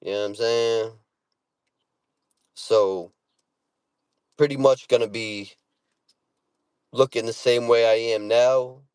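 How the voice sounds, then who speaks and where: A man's voice: medium pitch, steady tone, slow, long pauses, a little mellow, clean tone, no room sound. Man chatting on a livestream. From Boston area. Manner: streetwise slang, profane, repeats himself. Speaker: livestream host. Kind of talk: casual livestream chat with viewers.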